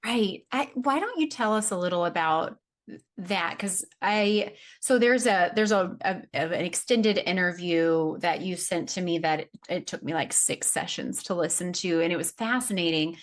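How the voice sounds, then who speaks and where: A woman's voice: fairly low pitch, normal speed. Curious woman podcast host asking questions. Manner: warmly curious, asks loosely phrased questions. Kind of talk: casual interview.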